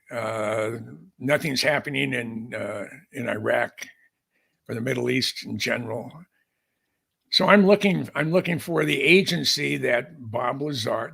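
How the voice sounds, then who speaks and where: A man's voice: medium pitch, vocal fry, a bit bright, slightly rough. An older man, a podcast guest, telling a long story in a folksy, rambling way with many restarts. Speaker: podcast guest, aviation historian. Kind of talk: storytelling in casual conversation.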